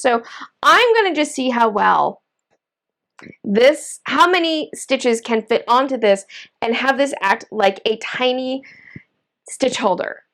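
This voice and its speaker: A woman hosting a knitting video, chatting casually while she demonstrates, enthusiastic and gushing with frequent exclamations. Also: sits high.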